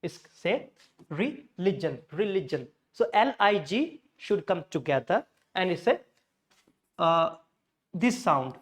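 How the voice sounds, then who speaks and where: A man with an Indian English accent teaching English pronunciation, stressing and repeating words slowly to drill the sound. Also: high-pitched, big pitch swings, a bit bright. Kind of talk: spoken English lesson.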